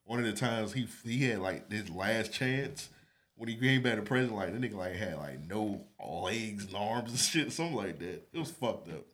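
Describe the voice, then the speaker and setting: A man's voice: on the low side, animated, normal speed, a bit bright. A man co-hosting a podcast in casual, profane chat, laughing often. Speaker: podcast co-host.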